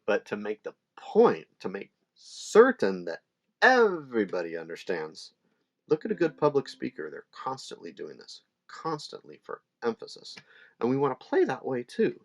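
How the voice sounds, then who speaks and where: A middle-aged man teaching ukulele in a relaxed, chatty way, with fillers and small laughs. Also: mid-range voice, moderate pace. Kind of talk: casual instructional talk. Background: ukulele playing between phrases.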